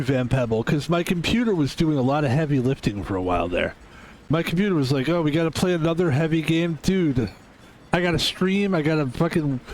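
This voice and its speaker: A man's voice: fairly high pitch, slight background noise. A young adult man streaming a game, chatting casually in a rambling, joking way with plenty of swearing. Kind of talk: casual gaming stream chat.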